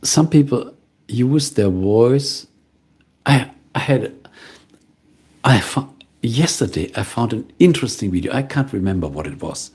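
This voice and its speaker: A middle-aged man with a husky, slightly breathy voice, chatting casually on a live stream. He works as a voiceover artist and muses calmly over viewer comments. His pitch sits in the middle of the male range. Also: measured pace, pauses often. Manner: calm, musing, answers viewer comments. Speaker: voiceover artist hosting a livestream.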